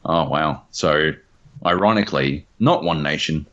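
A man's voice: a bass voice, unhurried, a bit bright. An Australian man hosting a podcast in casual chat, rambling with many fillers and swearing. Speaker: podcast host. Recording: dull lo-fi podcast audio.

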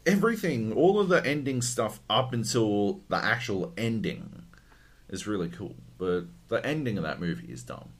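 A deep-voiced man co-hosting a casual podcast. His pitch swings widely as he rants, laughing and swearing freely. He talks in loose, animated bursts. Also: moderate pace. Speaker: podcast co-host. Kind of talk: casual chat.

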